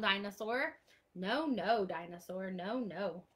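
A woman's voice: mid-range voice, expressive, slow pace, bright, forceful tone. A woman librarian holding an online storytime for young children, reading aloud and singing with a sing-song, exclaiming manner.

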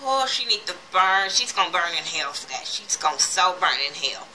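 Sharp-voiced woman ranting about a show. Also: on the low side, normal speed, slight background noise, low-quality recording. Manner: animated, profane, heated reactions; retells scenes quoting characters. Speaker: TV episode reviewer. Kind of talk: casual recap and commentary.

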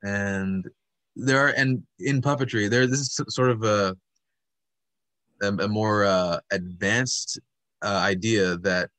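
A man's voice: on the low side, fairly even intonation, takes it slowly, fairly bright tone, dry recording. A man instructing an online puppetry workshop over a video call, patient and encouraging as he explains step by step.

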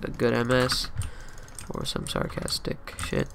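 A young man giving profane, running commentary over his own game, muttering asides and then yelling trash talk at opponents. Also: mid-range voice, completely flat delivery, a little slow, gravelly, over music. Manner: profane, swinging between mumbled asides and yelled trash talk. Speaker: gameplay commentator. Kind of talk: live gameplay commentary.

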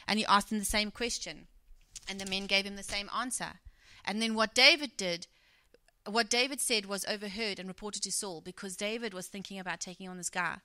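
Bright, dry-voiced woman preaching a sermon. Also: mid-range voice, fairly quick, no room sound. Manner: animated storytelling, acting out quoted speech.

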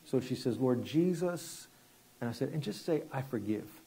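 A middle-aged man preaching as a guest pastor, telling stories conversationally with many restarts and sudden hushed moments. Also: mid-range voice, fairly quick, gravelly, breathy edge. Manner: conversational, repeats words and restarts, drops quiet for dramatic story moments. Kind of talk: sermon with storytelling.

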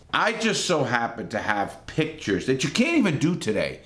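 A man's voice: medium pitch, wildly swooping pitch, moderate pace, a bit bright, echoey room. A middle-aged American man telling his own story in a blunt, profane, streetwise way, hosting his channel. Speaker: host. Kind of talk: casual storytelling monologue.

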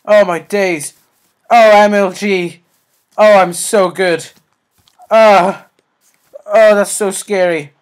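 Slow-talking gamer yelping at scares. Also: male voice, sits high, fairly even intonation. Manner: rambling self-talk, yelping at sudden scares. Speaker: gaming YouTuber. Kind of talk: let's play commentary.

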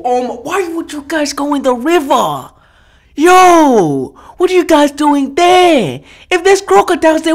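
High, lively woman reacting excitedly. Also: a little slow. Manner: excitable, exclaiming and scolding the people in the clips; repeats short outbursts. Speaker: reaction video host. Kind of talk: casual reaction commentary.

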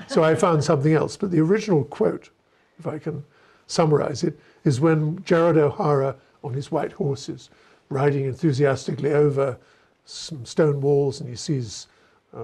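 Gravelly, husky man telling stories wryly. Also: a little high, darkish tone. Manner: discursive, wry, self-deprecating asides. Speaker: author giving a talk. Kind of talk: storytelling lecture answering questions.

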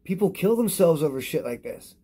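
A man reviewing products on his vlog in a rambling, profane rant to camera while he is high, repeating himself as he talks. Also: very animated, a little fast, warm tone, breathy edge.

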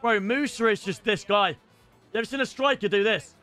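Young british lad streaming, swears a lot, highish voice, faint music behind. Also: male voice, fairly quick. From Britain. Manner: swearing, excitable outbursts, chats to viewers. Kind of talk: casual game stream chat.

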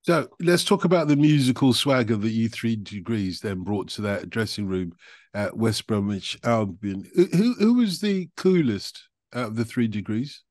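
A man's voice: fairly low pitch, animated, normal speed, darkish tone, dry recording. Chatty male interviewer, dry close sound. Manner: conversational and chatty, prompting with short affirmations. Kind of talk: casual interview.

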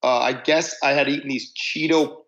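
Gravelly man telling tour stories. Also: medium pitch, fairly even intonation, moderate pace, a bit bright. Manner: rambling, many restarts, stretches words for effect. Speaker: podcast guest, musician. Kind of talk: casual chat, storytelling. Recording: slightly dull lo-fi audio.

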